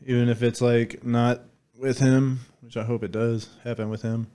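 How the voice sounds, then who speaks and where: A man with a Southern US twang talks through a casual podcast chat, his voice mellow and smooth. He rambles loosely, padding his thoughts with fillers. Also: medium pitch, little pitch movement, moderate pace. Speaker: podcast guest.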